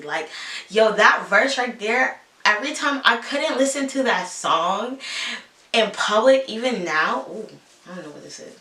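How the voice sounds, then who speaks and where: A woman's voice: medium pitch, expressive, unhurried, bright, forceful tone. A woman vlogger chatting casually while getting ready, earnest and emphatic as she encourages her listeners. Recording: echoey room, mic at a distance, faint hiss.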